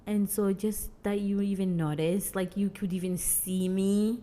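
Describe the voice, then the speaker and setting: A woman's voice: mid-range voice, measured pace. A young woman from Mozambique, a guest telling stories in a casual interview, acting out the dialogue with many fillers. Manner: animated, acts out quoted dialogue, frequent "like".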